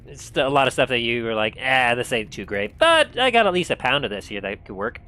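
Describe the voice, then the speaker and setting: A man narrating as game master of a tabletop role-playing game, setting scenes in an unhurried, descriptive way. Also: mid-range voice, huge pitch swings, bright, forceful tone.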